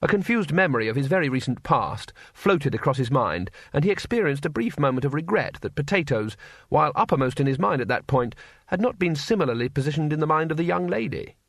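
A man reading an audiobook narration with wry expression. His voice sits a touch high and moves a great deal in pitch, and the recording is close and dry. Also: big pitch swings, fast, a bit bright, no echo. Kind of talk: scripted narration.

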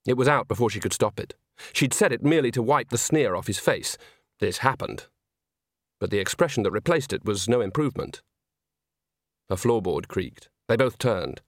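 A man narrating a storybook in a wry, expressive reading voice. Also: fairly low pitch, normal speed, no echo, clean studio sound. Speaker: audiobook narrator.

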